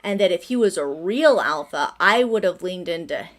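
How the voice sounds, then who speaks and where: A woman vlogger telling a story in an animated, emphatic way. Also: fairly low pitch, normal speed. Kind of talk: commentary vlog.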